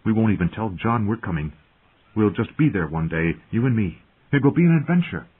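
A man's voice: lowish voice, normal speed, husky. A man voicing a proud, earnest young lord and older brother in an audiobook, with a narrow, phone-like sound. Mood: tender, hopeful. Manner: earnest, raised in anger, hushed when tender.

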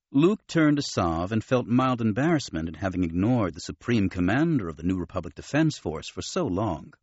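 A man reading an audiobook in an expressive narrating style. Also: lowish voice, moderate pace, few pauses, husky, no room sound, lo-fi sound. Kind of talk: scripted narration.

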